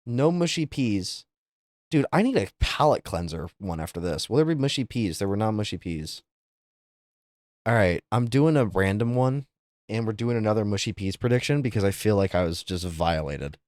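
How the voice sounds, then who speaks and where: A man's voice: lowish voice, expressive, normal speed, a little mellow, no room sound. Young guy streamer, voice jumping all over the place, swears a lot, super dry close sound. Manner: incredulous, swearing, exaggerated reactions. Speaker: live streamer. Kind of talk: casual live-stream chat.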